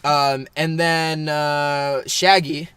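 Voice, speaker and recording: A man's voice: fairly high pitch, little pitch movement, very slow, heavy background noise. A young man co-hosting a podcast in casual chat, rambling with fillers and laughing often. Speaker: podcast co-host.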